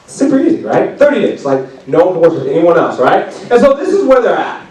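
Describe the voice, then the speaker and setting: A man preaching to junior high kids in a relaxed, chatty way, packing his story with fillers and playful asides. His voice sits slightly high for a man. He sounds distant from the mic in a very echoey room. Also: fairly quick, few pauses. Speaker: youth pastor. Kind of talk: casual youth sermon. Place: youth group meeting room.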